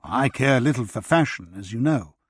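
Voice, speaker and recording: A man's voice: mid-range voice, expressive, moderate pace, husky, dry recording, studio quality. A man reading a tired, courteous period doctor. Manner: hesitant, courteous. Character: tired, earnest widowed doctor in period England.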